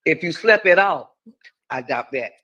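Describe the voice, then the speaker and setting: Caller, man, higher voice, dull muffled phone sound, tender and reassuring. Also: lively intonation, unhurried, sharp tone. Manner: soothing, calls the listener baby. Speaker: caller on a livestream. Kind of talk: heartfelt call-in comfort.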